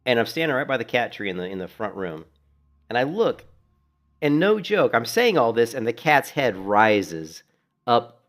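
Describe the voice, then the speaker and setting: A middle-aged man streams a game from his Florida home, chatting casually while he plays. His voice sits on the low side and sounds a bit bright, and he comes across as a relaxed, rambling storyteller who swears freely.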